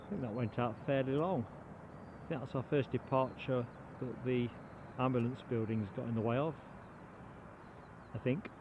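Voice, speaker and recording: A mid-range male voice at normal speed, with long pauses, dull audio, and background noise. He hosts a live plane spotting stream from a grassy mound beside an airport runway, chatting casually, reading viewer comments aloud, and thanking people by name.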